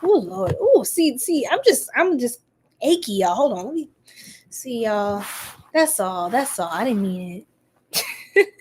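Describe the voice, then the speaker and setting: A woman reads tarot on a casual live stream, her voice sitting somewhat high. She is sassy and animated, exclaiming over the cards and chatting with viewers. A faint background hiss runs under her voice. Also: a little slow.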